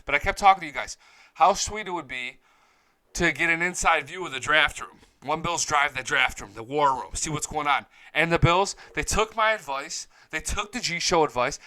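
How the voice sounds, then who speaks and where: A man's voice: fairly high pitch, sharp tone, dry recording, low-quality recording. A man hosting a live-streamed sports talk show, hyped and profane, jumping from topic to topic. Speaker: sports podcast host. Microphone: studio mic, close and dry.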